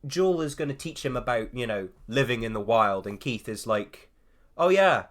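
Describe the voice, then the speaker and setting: Man, from England, casual panel chat, rambling, lots of restarts, mid pitch. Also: animated, a little fast. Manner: rambling, stumbling anecdotes with many restarts. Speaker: judge on an art contest panel.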